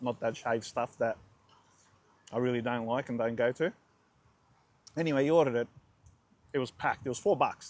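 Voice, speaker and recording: Chatty Australian man telling food stories. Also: mid-range voice. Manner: chatty, relaxed, rambling anecdotes with restarts. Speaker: food vlogger. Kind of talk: casual food vlog storytelling.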